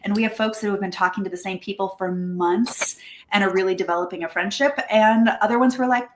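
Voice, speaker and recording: Woman, chatty presenter, mid pitch, lively, acts out quotes, echoey room. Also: quick pace, slight background noise. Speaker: language school owner presenting. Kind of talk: casual presentation to a networking group.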